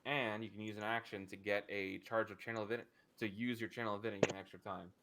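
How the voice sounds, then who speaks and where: A man running a tabletop role-playing game as dungeon master, calling out rules and rolls in a relaxed, matter-of-fact way. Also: lowish voice, fast talker, heavy background noise.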